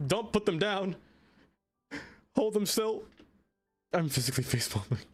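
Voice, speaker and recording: A man with a voice that sits high talks at a moderate pace over soft background music. He's live-streaming a city-building game and chatting playfully with viewers, greeting them by name and laughing often. He comes across as playful and easily excited, in casual live-stream chat.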